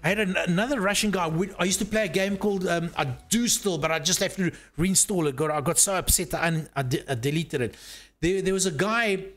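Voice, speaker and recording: A man's voice: high-pitched, fairly quick, a bit bright, faint music behind. A man chatting casually and teasingly on a live stream, swearing freely while working on hardware.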